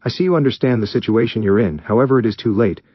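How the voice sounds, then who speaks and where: A man voicing a cold, menacing young male ninja who talks in a calm, mocking, commanding way. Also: medium pitch, fast, no room sound, muffled recording, natural voice.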